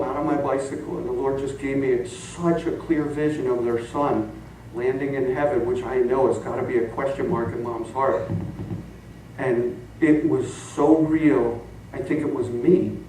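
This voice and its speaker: Captured from a distance in an echoey church sanctuary with a little hiss or hum, a middle-aged pastor delivers a sermon built on stories. He's an animated, laughing storyteller with a mid-range voice and moderate pace.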